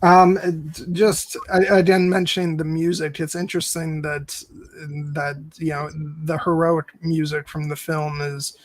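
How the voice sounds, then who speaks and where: A man's voice: fairly high pitch, flat delivery, measured pace, no room sound, low-quality recording. A man co-hosting a film podcast in casual chat, hesitant and full of fillers and restarts.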